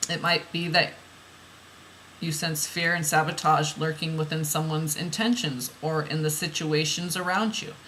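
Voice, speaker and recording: Bright-voiced woman reading oracle cards. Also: deep voice, steady tone, moderate pace, a little hiss or hum, low-quality recording. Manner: reads card text then muses in rambling, repeated phrases. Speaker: oracle card reader. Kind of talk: reading oracle cards aloud with personal asides.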